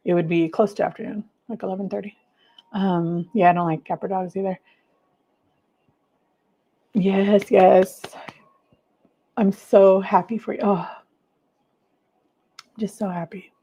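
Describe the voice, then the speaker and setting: A woman hosting a casual livestream, chatting warmly with viewers, gushing and trailing off with many fillers. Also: medium pitch, fairly even intonation, a little slow, pauses often, breathy edge, lo-fi sound. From United States. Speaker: livestream host.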